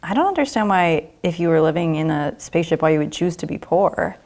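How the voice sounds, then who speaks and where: A woman on a comedy panel, delivering clueless non sequiturs in a flat deadpan. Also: low-pitched, brisk, noisy background. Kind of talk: deadpan absurd comedy chat.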